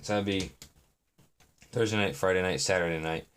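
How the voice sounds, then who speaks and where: Low-voiced young man rambling on a stream. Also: moderate pace, fairly bright tone, clear, resonant tone. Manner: meandering, self-deprecating, lots of fillers. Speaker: live streamer. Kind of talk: rambling live-stream chat while building. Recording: noisy, with keyboard and brick clicks.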